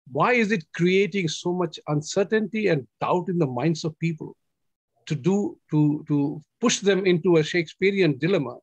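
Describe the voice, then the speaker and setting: Talk show host, man, wordy, rhetorical, slightly high voice, dry sound. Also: breathy edge, dry recording. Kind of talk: TV panel talk show hosting.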